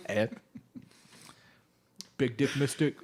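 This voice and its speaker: A man's voice: medium pitch, very slow, a little mellow. Rowdy, laughing man on a podcast. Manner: laughs often, crude and rowdy. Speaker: player and co-host. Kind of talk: casual podcast chat.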